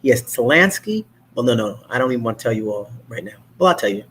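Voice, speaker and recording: Talking very fast in a voice on the low side, this talk show host rambles casually through a monologue riddled with fillers and false starts. A bit of hiss or hum is audible, and he mimics others when quoting them.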